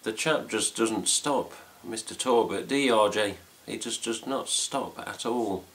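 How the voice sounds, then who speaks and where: A middle-aged man with an English accent talks casually to camera from his home, hosting a fan news update. His voice sits very low. He rambles and drops mild swear words throughout. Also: a little slow, fairly bright tone. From England. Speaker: fan site host. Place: home room with cats.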